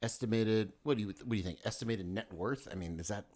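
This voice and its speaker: A man's voice: on the low side, fast talker, a little mellow. A man co-hosting a podcast in casual, joking chat. He swears and stumbles over his words. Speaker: podcast co-host.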